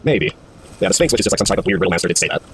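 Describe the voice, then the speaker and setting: Brief: male game streamer, very fast, offhand rambling commentary, faint noise underneath. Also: low voice, lively intonation. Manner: rambling, self-talking, swears casually. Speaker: gaming video host. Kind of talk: casual let's-play commentary.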